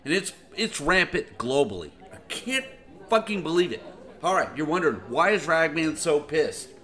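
A man's voice: on the high side, big pitch swings, moderate pace, sharp tone. A man hosting a show, furiously ranting and swearing, repeating himself as he vents. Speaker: host. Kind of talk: profane angry rant.

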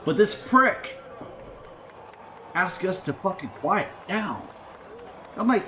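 A middle-aged radio host on a music show tells an indignant story full of swearing and laughter, animated throughout. His voice sits high and he takes it slowly, pausing often. The room is echoey, with slight background noise.

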